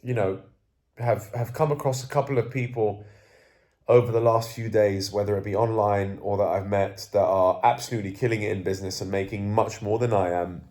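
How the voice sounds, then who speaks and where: In a slightly fast, steady, a little mellow voice on the low side, a young self-improvement coach talks into a camera facing him while sitting indoors at home. Groggy and sneezing and coughing, he rambles, swears a lot and disparages himself in this candid vlog.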